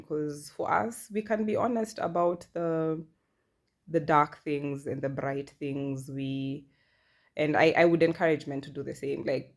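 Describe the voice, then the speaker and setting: Low-voiced woman in her 30s, chatty honest vlog talk, wry jokes. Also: darkish tone. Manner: candid, chatty, self-deprecating humor. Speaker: vlogger. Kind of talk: reflective personal vlog.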